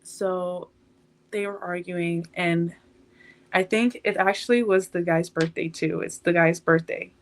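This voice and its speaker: An eighteen-year-old woman, a podcast guest, telling a painful personal story in a halting, emotional way. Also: fairly low pitch, fairly even intonation.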